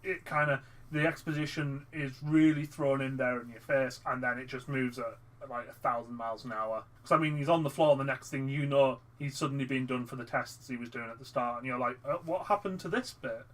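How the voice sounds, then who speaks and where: A man co-hosting a casual film review podcast, talking animatedly and acting out lines of dialogue in quick asides. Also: medium pitch, fairly even intonation, fairly bright tone. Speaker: podcast co-host.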